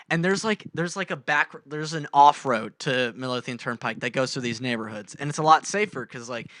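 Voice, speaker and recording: Bright-voiced young man telling a wild story. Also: mid-range voice, dry recording. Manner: rambling, swearing, laughing, acts out voices in the story. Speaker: podcast co-host. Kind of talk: casual storytelling chat.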